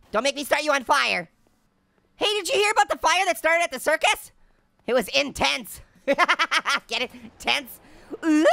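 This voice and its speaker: A hyper cartoon orange cracks puns and giggles through a game, his voice pitched high and swinging wildly up and down. It has a bright, gravelly edge. The delivery is loud and exclamation-heavy. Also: no echo, full character voice. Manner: punning, giggly, constant exclamations. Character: wisecracking male talking orange, hyper and giggly. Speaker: gaming channel host. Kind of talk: cartoon let's-play commentary in character.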